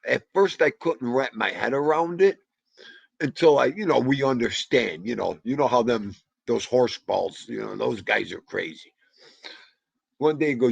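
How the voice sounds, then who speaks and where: A man hosting a livestream, rambling excitably and greeting viewers by name. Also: medium pitch, moderate pace, vocal fry, breathy edge, no echo, muffled recording. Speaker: livestream host. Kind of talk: casual chat.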